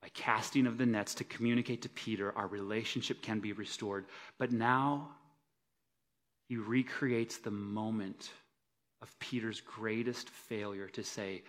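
A man preaching a sermon, swinging between loud emphasis and quiet, low asides. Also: steady tone, measured pace. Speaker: pastor. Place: church service.

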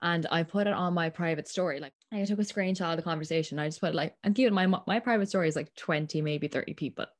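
A woman's voice: lowish voice, fast talker, few pauses. Young Irish woman telling stories. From Ireland. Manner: chatty storytelling, acts out quoted exchanges. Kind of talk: casual chat.

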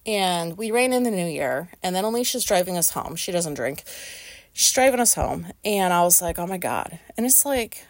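A woman's voice: fairly low pitch, lively intonation, moderate pace, no room sound. A woman hosting a podcast, telling a casual story in a rambling way, with lots of fillers and free swearing. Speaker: podcast host.

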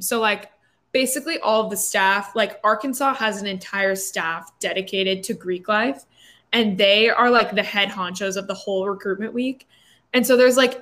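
A young woman in her twenties, telling a story in a casual chat with lots of fillers. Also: medium pitch. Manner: animated, quick storytelling with many fillers.

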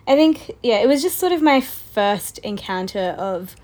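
A woman's voice: medium pitch, unhurried. A young woman, a medical student co-hosting a casual chat, laughing often as she tells stories. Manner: laughs often, animated storytelling.

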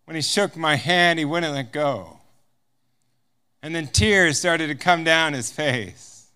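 Bright-voiced man giving testimony. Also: on the high side, takes it slowly, clear, resonant tone. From United States. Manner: storytelling that acts out dialogue, chuckling often. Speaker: guest speaker. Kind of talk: personal testimony talk.

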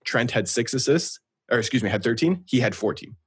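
A man's voice: mid-range voice, lively intonation, a little fast, husky, dry recording, studio quality. A man co-hosting a podcast, chatting casually about football and often checking in with "right?". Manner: talkative, keeps asking "right?". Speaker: podcast co-host. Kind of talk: casual sports chat.

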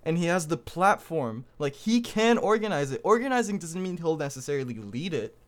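A man with a somewhat high voice arguing his point in a loose conversation. He talks emphatically and leans into exaggeration, swearing casually. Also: big pitch swings, a little fast. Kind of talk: casual political chat.

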